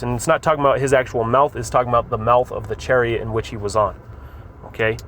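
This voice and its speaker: A man's voice: medium pitch, fairly even intonation, fast talker, a bit bright. A man with a mid-range voice teaches scripture in a loose, conversational way. He reads verses aloud, then explains them, often repeating words and adding "man" and "all right." Faint urban traffic hums behind him. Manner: informal, repetitive, frequent "man" and "all right". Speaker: religious teacher.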